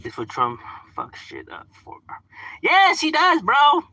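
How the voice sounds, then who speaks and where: Guy ranting on a stream, bright voice, swears a lot, pitch jumps all over. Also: takes it slowly, no room sound. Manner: switches between English and Spanish, profane, animated. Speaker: livestream host. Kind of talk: casual chat.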